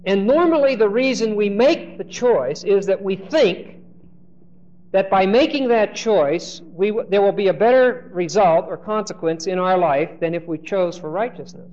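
A man preaching and teaching verse by verse, acting out the quoted speech of the people in the story with lively shifts, and often repeating words as he starts a line. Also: sits high, normal speed. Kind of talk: expository Bible teaching. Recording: dull lo-fi recording with faint hiss.

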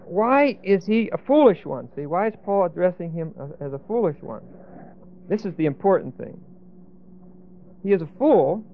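A man teaching a Bible passage in an explanatory, emphatic way, often checking in with "okay?" and "see?". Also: on the high side. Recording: tinny phone-like lo-fi sound.

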